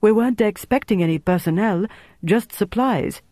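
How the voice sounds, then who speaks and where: Male reader as eager young Frenchman, breathless, higher and slow. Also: darkish tone, no echo, studio quality, natural voice.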